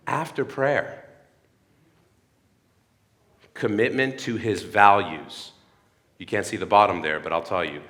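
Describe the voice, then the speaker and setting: A man's voice: on the low side, animated, slow pace, pauses often, fairly bright tone, big-room sound. A man in his thirties giving an earnest sermon-like talk at a church. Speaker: speaker at a church. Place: church hall.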